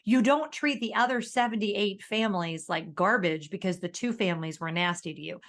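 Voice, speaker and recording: A woman co-hosting a podcast, talking in a casual, animated way as she rants and often laughs. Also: mid-range voice, moderate pace. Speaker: podcast co-host.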